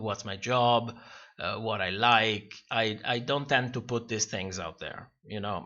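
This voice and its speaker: A man with a sharp, mid-range voice hosts a casual livestream, reading comments in a chatty, rambling way. He laughs often and restarts his sentences many times, and the audio has a lo-fi sound.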